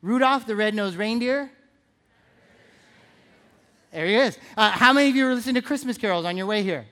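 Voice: medium pitch, lively intonation, rapid-fire, sharp tone. Conversational, playful preacher in church. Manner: conversational, playful, asks the audience questions; repeats phrases for emphasis. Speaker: pastor. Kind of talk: sermon.

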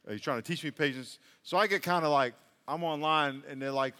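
A man's voice: fairly high pitch, brisk, hardly any pauses, pushed and bright, clear, resonant tone, big-room sound. A man preaching a sermon as pastor, chatty and joking, building to emphatic peaks. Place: large church hall.

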